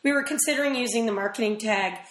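A woman talks as an interview guest in a loose, rambling way, full of quick asides. Her voice sits a little high. The room around her is echoey. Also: fairly bright tone. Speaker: actress guest. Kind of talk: casual interview chat.

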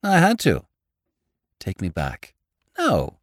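A man reading aloud voices a distressed young woman who pleads softly and breaks into choked cries. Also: very deep voice, huge pitch swings, slow pace, dry recording, clean studio sound, voice pushed up, exaggerated voice. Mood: curt.

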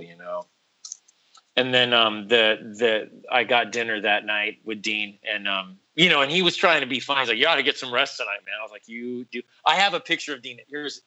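Bright-voiced man telling a story. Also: medium pitch, poor audio. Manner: animated, acts out quotes in other voices, says "bro" and "like" a lot. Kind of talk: casual storytelling chat.

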